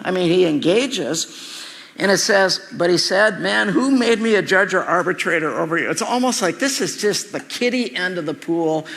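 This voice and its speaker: Gravelly bright-voiced man preaching in a hall. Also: high-pitched. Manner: conversational preaching with asides and repeated words. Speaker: pastor. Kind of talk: sermon.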